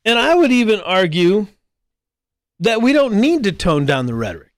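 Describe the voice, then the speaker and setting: A man with a high-pitched voice delivers a political commentary monologue as host of his own show. He argues his case with pointed emphasis, close to the mic in a dry space. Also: very animated, normal speed, no room sound. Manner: argumentative, with mocking mimicry of squabbling voices. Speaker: podcast host.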